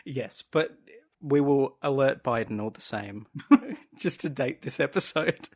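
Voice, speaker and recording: A man's voice: mid-range voice, lively intonation, a little mellow. Self-mocking laughing podcast man. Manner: quick, self-deprecating, laughs often. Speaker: podcast co-host. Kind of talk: casual chat.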